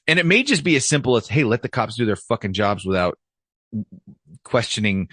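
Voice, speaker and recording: A man's voice: medium pitch, big pitch swings, brisk, fairly bright tone, dry recording. A man who is a former police officer co-hosting a podcast in casual chat, blunt, profane and opinionated. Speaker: podcast co-host.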